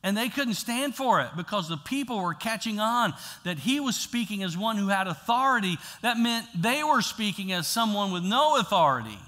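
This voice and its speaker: Man, sermon, loud-to-soft delivery, reverberant hall. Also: high voice, animated, normal speed, hardly any pauses. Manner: conversational preaching, swings from loud to hushed. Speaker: pastor.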